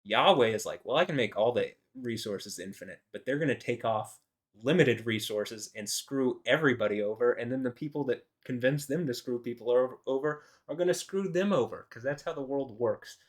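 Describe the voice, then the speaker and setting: A man's voice: mid-range voice, normal speed. A man rambling in an indignant solo commentary, full of filler words and restarts. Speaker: video host.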